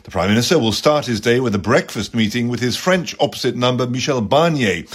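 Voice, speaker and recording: A man giving a radio news report from abroad as a correspondent, in a measured tone. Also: medium pitch, expressive, husky. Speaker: foreign correspondent.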